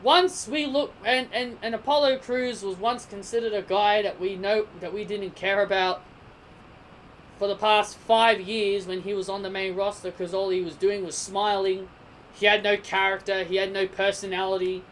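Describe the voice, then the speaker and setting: Casting note: casual wrestling reviewer, mid-pitched, prone to heated rants, with faint background hiss. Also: moderate pace. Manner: animated, gets heated and emphatic in rants; self-correcting, sidetracked chatter.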